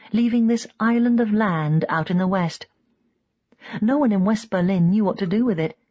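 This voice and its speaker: A woman's voice: mellow, muffled recording. A woman narrating an audiobook in first person, lifting her voice for quoted speakers. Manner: reads in first person, voicing quoted speakers with raised pitch. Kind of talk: scripted narration.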